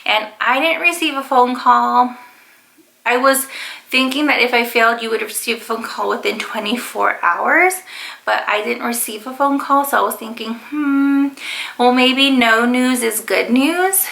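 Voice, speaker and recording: A woman's voice: a little high, normal speed, gravelly, pushed and bright. A young woman casually telling a rambling personal story to the camera, with frequent fillers. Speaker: vlogger.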